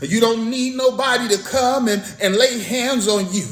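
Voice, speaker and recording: A man's voice: very high-pitched, normal speed, echoey room, soft background music. A man preaching a sermon, fervent and repetitive, breaking into spoken praise between points.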